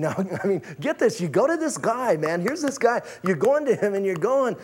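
A man's voice: high voice, very animated, normal speed, few pauses, a little mellow. A pastor preaching a sermon in a casual, conversational way, acting out the people in his stories with slang. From Arizona.

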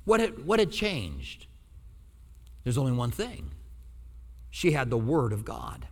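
With a medium-pitched, slow voice that has a breathy edge, this male pastor preaches in church, telling funny stories and acting out quotes in an animated way. The sound carries a long hall reverb.

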